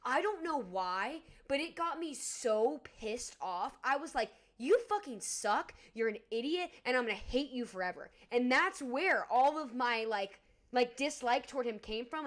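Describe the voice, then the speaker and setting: A young woman from Atlanta co-hosts a casual podcast, ranting hotly and swearing freely. Her voice sits a little on the high side. She talks fast and gets heated. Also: fairly bright tone. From Atlanta, Georgia. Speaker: podcast co-host.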